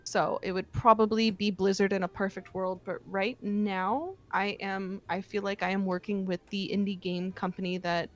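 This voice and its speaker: A woman's voice: medium pitch, little pitch movement, normal speed, hardly any pauses. Easygoing woman voice actor guest. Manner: laughing, easygoing, enthusiastic. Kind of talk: casual online interview.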